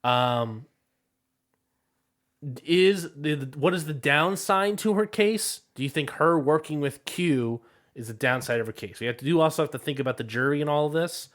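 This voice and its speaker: A man co-hosts a podcast in a casual chat, taking an analytical line and quoting stats he has looked up. His voice is a little high and a bit bright, with lively intonation and a normal pace.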